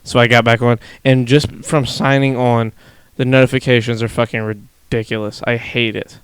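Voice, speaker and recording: A man's voice: medium pitch, normal speed, no room sound. A young man co-hosting a casual livestream podcast, telling stories with lots of energy and swearing freely. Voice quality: smooth, clear voice. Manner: animated storyteller, swears freely. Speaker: podcast co-host. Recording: dry close mic.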